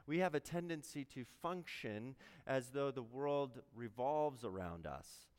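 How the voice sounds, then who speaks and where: A male pastor with a smooth, resonant voice at a middle pitch delivers a sermon in an easy, conversational way. He often puts questions to his listeners and answers them himself. His words ring out with the long reverb of a church sanctuary. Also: a bit bright.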